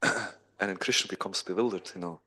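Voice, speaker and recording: A man teaching a scripture class, retelling a sacred story in an animated way with a few throat clears. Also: low-pitched, fairly quick. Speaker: spiritual teacher.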